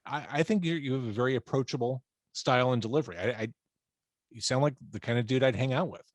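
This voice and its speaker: A man's voice: medium pitch, fast talker, no echo. A man hosting a podcast interview, asking questions with dry joking asides. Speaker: podcast host. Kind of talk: casual interview chat.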